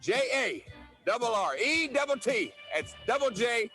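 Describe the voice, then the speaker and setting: A man's voice: extremely high pitch, big pitch swings, measured pace, bright, forceful tone, soft background music, pitched above the performer's own voice, exaggerated voice. A man playing a cocky young country-singer wrestler in a boastful, taunting promo vignette. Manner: boastful, taunting, spells out his name.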